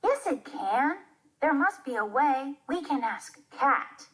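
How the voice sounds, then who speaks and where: Determined little girl, woman reading, slow, lively pitch. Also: full character voice. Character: determined young girl gardener. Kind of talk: reading a children's play aloud.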